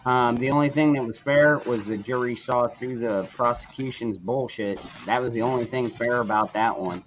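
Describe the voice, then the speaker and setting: A man's voice: medium pitch, moderate pace, a little hiss or hum. A man hosting a casual live chat forum, talking bluntly and rambling, with frequent swearing. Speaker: host of a call-in forum. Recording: dull lo-fi sound.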